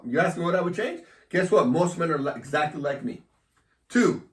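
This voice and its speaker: This host runs a casual chat with a fairly high-pitched, animated voice, speaking a little fast while teasing, provoking, and laughing often. The room is echoey and the mic sits at a distance.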